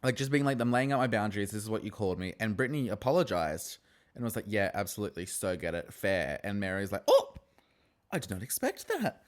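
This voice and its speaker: A man's voice: lowish voice, fast. A man hosting a podcast, recapping a reality show in casual chat, swearing, laughing and acting out the cast's quotes. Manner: chatty, animated, swears and laughs often, acts out quotes.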